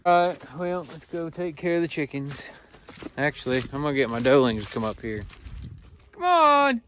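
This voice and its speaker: A man, talking casually while doing farm chores and calling loudly to his animals. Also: mid-range voice, steady tone, a little fast, a little hiss or hum. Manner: calls loudly to animals, chatty and laughing. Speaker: farm vlogger. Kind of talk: casual farm vlog narration. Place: outdoors on a farm.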